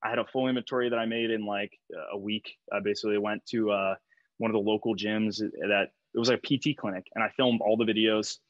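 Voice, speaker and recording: A man's voice: on the low side, level tone, fairly quick, no echo, dull audio. Man, young adult, casual podcast guest, filler-heavy, dry sound. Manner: rambling, many fillers, laughs easily. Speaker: strength coach, guest.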